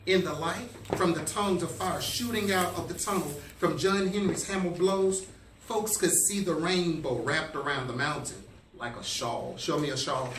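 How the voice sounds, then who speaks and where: A man teacher reading a storybook aloud to his class in an animated, playful way, stopping to quiz his listeners. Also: fairly high pitch, normal speed. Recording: echoey classroom from far off, with noise.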